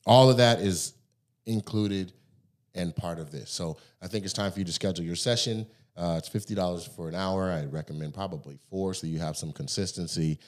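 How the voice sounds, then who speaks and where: A man hosting a podcast in a studio, giving a laid-back promotional pitch with fillers. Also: fairly quick. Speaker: podcast host. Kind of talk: casual chat. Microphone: studio microphone.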